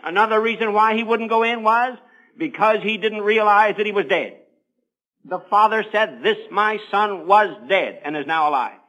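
A man's voice: high-pitched, moderate pace, pushed and bright, lo-fi sound. A man preaching a sermon on the radio, telling a Bible story with earnest, rising emphasis.

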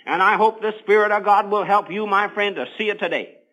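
A man's voice: high-pitched, brisk, bright, forceful tone, rough recording. A man preaching a sermon on the radio, telling a Bible story with earnest, rising emphasis.

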